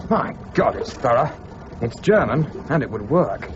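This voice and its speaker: A clipped, commanding English adventurer leads this radio drama with a lively, swinging pitch. The recording sounds dull, with steady noise underneath. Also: male voice, unhurried. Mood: urgent. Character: English gentleman adventurer narrating his tale. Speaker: narrator and lead character.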